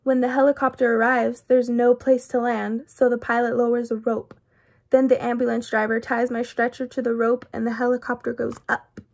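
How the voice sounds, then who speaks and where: A woman voicing an anxious, fretful male walrus in a children's storybook, talking slowly and rambling through all his worries. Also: on the high side, little pitch movement, creaky, a little mellow. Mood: worried. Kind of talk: children's storybook read-aloud.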